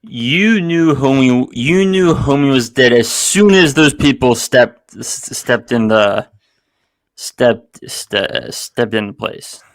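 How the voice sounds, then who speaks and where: A man's voice: medium pitch, lively intonation, slow, no room sound. A man co-hosting a casual podcast, throwing in jokey interjections and quips. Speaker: podcast co-host.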